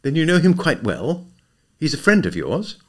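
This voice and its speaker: A man doing a brisk, impatient young woman. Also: on the high side, wildly swooping pitch, pitched above the performer's own voice. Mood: questioning. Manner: impatient, firm.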